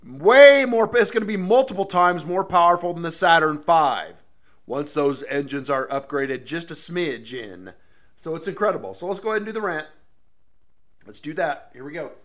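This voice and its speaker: A man's voice: a little high, animated, moderate pace, a bit bright. A man hosting his own political rant show from his home studio, rambling and sarcastic in a monologue.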